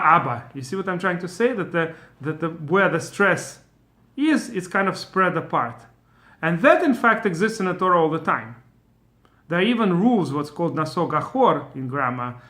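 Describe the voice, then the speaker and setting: A man explains the rhythm of scripture in a relaxed video lesson, pausing and restarting as he thinks. His voice sits a little high and sounds bright and forward. Now and then he chants a short verse to show its beat. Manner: thinks aloud with fillers and restarts. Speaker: Torah teacher.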